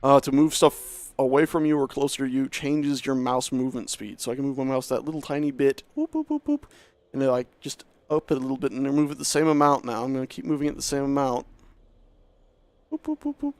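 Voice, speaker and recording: A man's voice: mid-range voice, little pitch movement, fast talker, few pauses, a little mellow, clear, resonant tone, no room sound. A man streaming a building game, talking casually and joking at himself as he plays. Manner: chatty, self-mocking, talks to himself while playing. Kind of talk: casual gameplay commentary.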